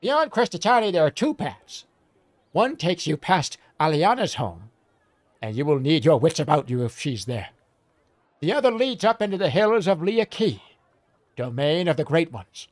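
A man's voice: fairly high pitch, very animated, no room sound, pitched above the performer's own voice. Man putting on a theatrical old hill dweller. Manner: theatrical old-man fantasy voice, slow and drawn out. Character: weathered old male hill dweller, wry and talkative. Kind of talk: reading a game aloud with character voices.

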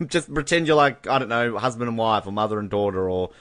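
A man's voice: fairly low pitch, animated, a little fast, fairly bright tone, dry recording. A man co-hosting a casual podcast chat in a laid-back way, with joking asides. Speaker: podcast co-host.

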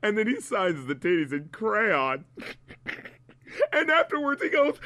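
A man's voice: high voice, a little slow, pauses often, no room sound. Profane, mocking male music reviewer. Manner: profane, mocking, animated ranting. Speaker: album reviewer. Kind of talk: casual podcast review chat.

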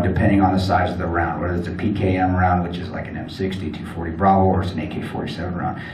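A man's voice: lowish voice, darkish tone, a little hiss or hum. A man giving a speech to an audience, telling a war story in a blunt, joking, swaggering way. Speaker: guest speaker. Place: event hall. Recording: echoey hall from far off.

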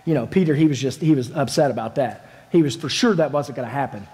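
A man, a families minister, preaching a sermon as a lively first-person story told in the voice of a disciple, with casual, dramatic phrasing. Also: medium pitch, fast talker. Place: church sanctuary. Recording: echoey church hall.

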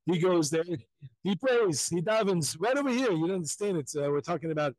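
A man's voice: sits high, expressive, a little fast, a little mellow, no echo, rough recording. A man, a rabbi, telling a story live at a crowded outdoor pilgrimage site, emphatic and repetitive, acting out the quotes.

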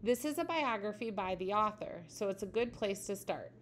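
A woman's voice: mid-range voice, animated, normal speed, a little hiss or hum, natural voice. A woman voicing a helpful, encouraging librarian in a read-aloud storybook.

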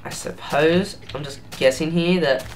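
Thinking out loud as he plays, a young let's-play gamer offers loose, leisurely commentary on the video game. His voice is a little high, with slight background noise in the clip.

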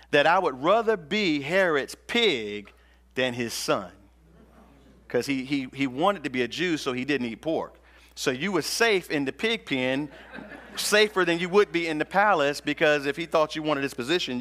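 A man's voice: a little high, a bit bright. Emphatic, slangy male pastor preaching. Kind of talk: sermon.

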